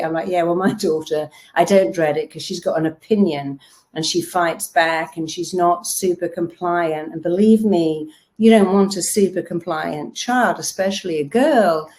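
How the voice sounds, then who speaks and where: A woman's voice: lowish voice, darkish tone. A middle-aged woman hypnotherapist giving a motivational talk, telling stories emphatically and acting out what people say. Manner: emphatic storytelling, acting out quotes.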